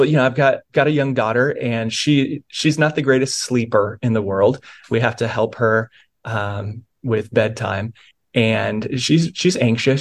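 A man, a pastor and author, earnestly telling a personal story of faith in a podcast interview, with many restarts. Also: medium pitch.

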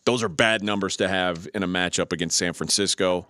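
Low-voiced man reeling off stats. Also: fairly even intonation, sharp tone, dry recording. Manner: quick, stat-driven, matter-of-fact. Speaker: sports betting analyst. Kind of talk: casual debate.

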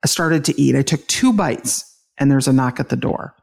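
A woman's voice: extremely low pitch, animated, normal speed, vocal fry, a little mellow. A middle-aged woman telling an interviewer about the day her son died, emotional, laughing through grief, with many restarts. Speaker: guest, bereaved mother and author. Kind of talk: conversational interview storytelling.

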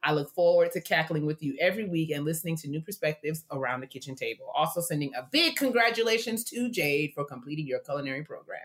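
A woman's voice: deep voice, lively intonation, fast, few pauses. A woman co-hosting a casual podcast, reading listener letters aloud with playful, affirming asides. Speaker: podcast co-host.

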